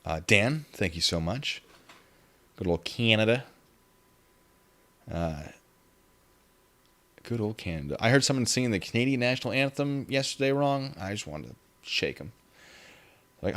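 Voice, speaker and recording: A man's voice: fairly low pitch, expressive, moderate pace, pauses often. A young man hosting a casual livestream, rambling and reading viewer comments aloud. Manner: rambling, reads chat aloud. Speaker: livestream host.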